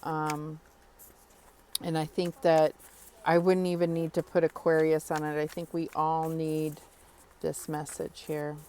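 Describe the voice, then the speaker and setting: A woman giving a spoken tarot reading, talking earnestly and reassuringly straight to the listener, with pauses and fillers as she thinks. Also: low-pitched, darkish tone. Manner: thoughtful with frequent pauses and fillers. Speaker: tarot reader.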